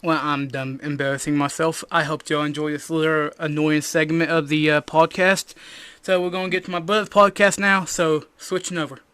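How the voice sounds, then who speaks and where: A young man co-hosting a podcast, ranting crudely and jokingly, swinging from loud bursts to mumbled asides. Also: a little high, flat delivery, normal speed, smooth. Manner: loud, jokey and profane, drops to mumbling asides. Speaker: podcast co-host. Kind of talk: casual crude rant.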